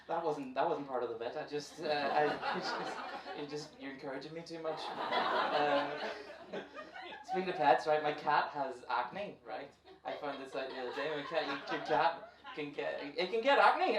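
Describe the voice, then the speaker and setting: A man's voice: a little high, a little fast, far from the mic. A man with a Northern Irish accent doing a stand-up set on a club stage into a handheld mic, playful and self-mocking, riffing with the crowd. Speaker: stand-up comedian. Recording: echoey club, from afar, with crowd noise.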